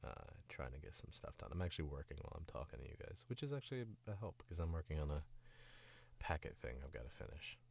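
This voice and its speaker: A man's voice: a bass voice, sing-song, quick pace, gravelly, darkish tone. A tired, sick man chatting casually on a stream, rambling in a laid-back way with the odd swear, close to his mic. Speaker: voice actor streaming.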